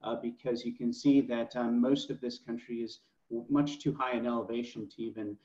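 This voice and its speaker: A man's voice: mid-range voice, steady tone, moderate pace, mellow. Enthusiastic man in a roomy, dull call. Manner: enthusiastic, with many fillers and restarts. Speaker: master sommelier guest. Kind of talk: presenting slides in a wine tasting webinar.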